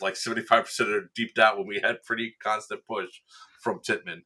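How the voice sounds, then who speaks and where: A man on a casual podcast recounts a day out on the field with real animation. His voice sits on the low side but has a bright, forward edge. He slips into quoted lines and laughs often. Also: level tone, moderate pace. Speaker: event staff member recounting a game day.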